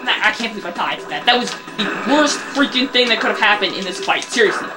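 A woman giving casual gameplay commentary who rants in frustration and breaks into shouting. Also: medium pitch, animated, fast. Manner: frustrated ranting, bursts into shouting. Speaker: let's play commentator. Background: video game music.

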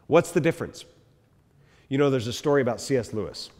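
A man's voice: mid-range voice, brisk. A man, a pastor, giving an emphatic, conversational church history lecture to a live group. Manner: animated, emphatic, conversational with the room. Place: church hall with long reverb. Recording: echoey hall reverb.

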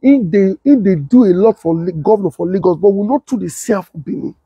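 A young adult man with a Nigerian Pidgin English accent, telling a story and acting out the voices of others in a husky tone. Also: quick pace, no echo, lo-fi sound. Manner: switches to high excited voice when quoting others. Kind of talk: animated storytelling with acted-out quotes.

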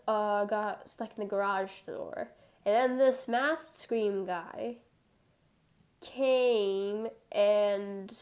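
A woman's voice: mid-range voice, a little mellow. A young woman streaming a game, chatting casually in a rambling way full of filler words, playful and given to mock-dramatic outbursts. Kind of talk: casual gameplay chat.

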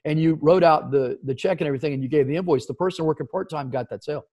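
A middle-aged man from the East Coast of the United States, a guest telling an animated story in a casual interview and acting out the voices of the people in it. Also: on the high side, very fast, muffled recording.

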